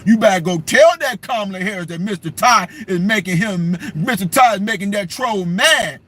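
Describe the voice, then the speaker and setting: Animated, mocking man hosting a livestream. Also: high-pitched, moderate pace. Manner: mocking, animated, reads viewer comments and taunts trolls. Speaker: political livestream host. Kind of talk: casual livestream commentary.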